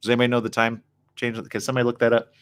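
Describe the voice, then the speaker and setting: A man's voice: mid-range voice, monotone, very fast, clear, resonant tone. A man hosting a live morning show, reading news items aloud and adding chatty, wry asides. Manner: chatty, wry asides between read passages.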